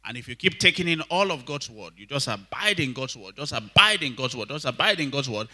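A man preaching, his voice very bright and cutting. He drives points home by repeating lines and asking the congregation to answer back. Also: medium pitch, sing-song, fairly quick. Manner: emphatic, repeats lines, asks the congregation for responses. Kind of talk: sermon.

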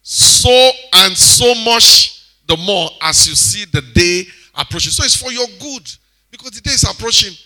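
Exhorting his congregation at normal speed, a church speaker with a Nigerian accent delivers an animated sermon. His very bright, slightly high voice swings from loud exclamations to quiet asides.

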